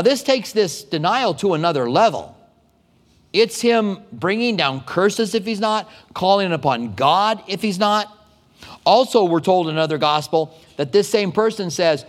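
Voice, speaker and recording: A man preaching as a pastor, telling stories in a conversational, animated way with quick asides. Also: high-pitched. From United States. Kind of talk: sermon. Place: church sanctuary. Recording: long hall reverb.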